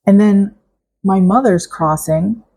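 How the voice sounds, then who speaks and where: A middle-aged woman vlogging to camera about her own experience, reflective and halting, with small restarts. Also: mid-range voice, mellow, rough recording. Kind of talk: personal vlog talk to camera.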